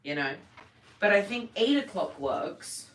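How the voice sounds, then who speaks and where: A woman's voice: mid-range voice, sing-song, a little slow, fairly bright tone, roomy sound, far from the mic, slight background noise, rough recording. A British woman co-hosting a live painting stream, chatting and teasing. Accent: British English. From England. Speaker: co-host. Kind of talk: casual live-stream chat.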